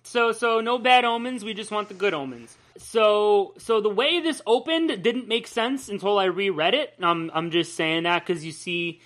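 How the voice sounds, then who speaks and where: A woman's voice: mid-range voice, normal speed, few pauses, a bit bright. A young woman co-hosting a casual comic-book podcast, joking crudely and laughing often. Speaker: podcast co-host.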